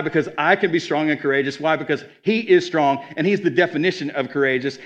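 A man preaching a sermon in an earnest, conversational way, often repeating himself. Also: a little high. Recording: dull lo-fi sound.

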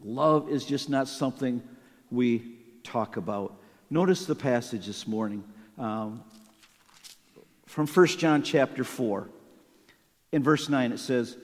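A man preaching a sermon as pastor, emphatic and animated, acting out quoted lines. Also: medium pitch, slow, long pauses, big-room sound.

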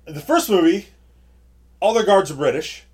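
Podcast co-host, male, lively and swearing, slightly high voice with wide swings. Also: husky. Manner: animated, profane, quick to laugh. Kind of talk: casual movie review chat.

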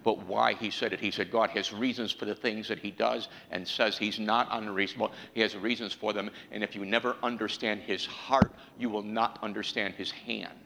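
Gravelly, bright-voiced preacher man in a reverberant hall. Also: steady tone, normal speed, few pauses, a little hiss or hum. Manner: rising to an impassioned, preaching pitch with repeated questions to the congregation. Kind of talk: sermon. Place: church.

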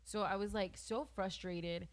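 A woman's voice: mid-range voice, fairly even intonation, unhurried. Chatty young woman telling stories. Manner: chatty storyteller, heavy use of "like", frequent laughs. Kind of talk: casual chat.

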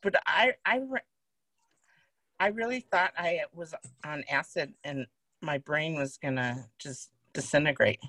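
A woman co-hosting a podcast, talking in casual chat in a halting way. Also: low-pitched, a bit bright, rough recording. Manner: slow, halting, laughs between phrases. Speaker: podcast co-host.

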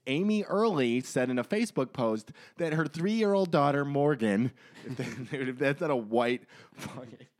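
A man's voice: medium pitch, moderate pace, a little mellow. Sarcastic man cracking crude jokes. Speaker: podcast co-host. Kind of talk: casual chat, reading news stories aloud.

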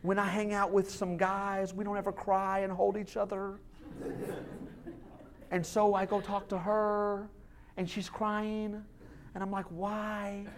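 Against a noisy background, a pastor in his thirties delivers a sermon in the sanctuary with a high-pitched, level voice, speaking a little slowly and pausing often. As lead pastor, he keeps it conversational, like chatting across a table, and acts out brief quoted voices.

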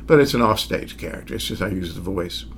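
Older man, Southern accent, low voice, relaxed, chuckling, faint background hum. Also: fast talker. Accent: Southern American. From American South. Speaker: magician. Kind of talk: casual interview.

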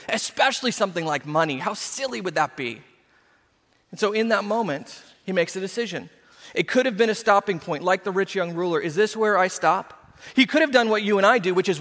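A male pastor preaching a sermon in an animated, emphatic way with conversational asides. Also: sits high, fairly quick, long reverb tail.

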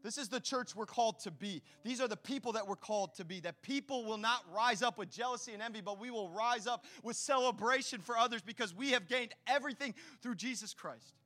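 A man preaching a sermon to his congregation, energetic and direct, with casual slang mixed into his preaching. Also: very high-pitched, brisk, hardly any pauses. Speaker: pastor.

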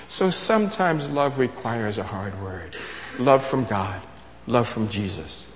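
A man preaching a sermon, emphatic, repeating his key phrases and swinging between loud and soft. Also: medium pitch, very animated, slow, slight background noise. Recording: long reverb of a large hall.

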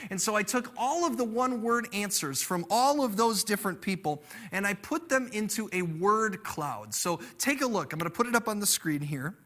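A man's voice: high-pitched, bright, forceful tone. A man in his thirties preaching a sermon, reading scripture and then telling a family story in an earnest way, acting out the people he quotes. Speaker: pastor.

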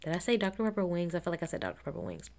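A woman's voice: on the low side, very fast, vocal fry, a little mellow. Blunt, sarcastic woman recapping TV. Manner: blunt, sarcastic, profane, laughs often. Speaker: reality TV recap host. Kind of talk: casual episode recap.

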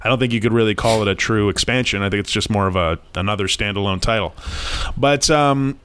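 A man's voice: fairly low pitch, a little fast, fairly bright tone, smooth. A man co-hosting a casual podcast, rambling and joking at his own expense. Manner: rambling, self-deprecating, joking. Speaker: podcast co-host. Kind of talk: casual chat.

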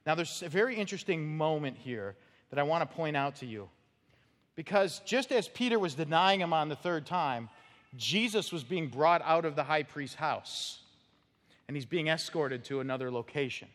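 A man's voice: fairly high pitch, normal speed. Man preaching in a reverberant church. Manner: conversational, animated storytelling. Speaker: pastor. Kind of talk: expository sermon. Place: church sanctuary. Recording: long church hall reverb.

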